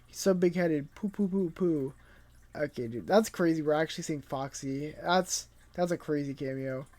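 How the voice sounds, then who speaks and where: A man's voice: fairly high pitch, normal speed, a little mellow. A man reviewing a comic chapter in casual, rambling commentary, laid-back and profane, sounding tired late at night.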